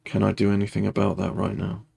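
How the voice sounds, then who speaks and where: A man leading a guided tapping meditation, speaking slow, repetitive first-person affirmations. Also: fairly low pitch, completely flat delivery, vocal fry, warm tone, slightly rough, no room sound.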